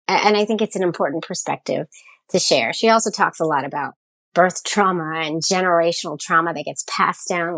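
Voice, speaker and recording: A middle-aged woman hosting a podcast in a casual, chatty way, animated and joking with her listeners. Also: medium pitch. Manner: animated, jokey, says "y'all". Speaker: podcast host.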